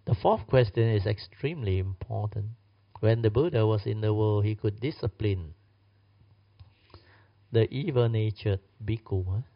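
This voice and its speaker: A man's voice: on the low side, creaky. Man giving a storytelling sermon, lo-fi. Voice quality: non-native English phrasing. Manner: lively storytelling, acts out dialogue, frequent tag questions. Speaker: Buddhist teacher. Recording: dull lo-fi recording.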